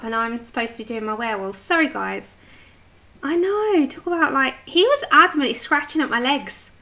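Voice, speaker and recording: Casting: woman, bright chatty livestream host, slightly high, faint noise behind. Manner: chatty, reads comments aloud, coos at her dog. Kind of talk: casual chat with live chat. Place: home, at her desk.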